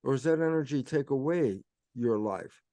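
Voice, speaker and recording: A man's voice: mid-range voice, animated, moderate pace, mellow, dry recording. A man giving an explanatory talk as a guest speaker. He tells it as a story, acts out quoted dialogue with "I say" and "I go", and pushes his points with rhetorical questions. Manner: frequent self-quoting with "I say" and "I go".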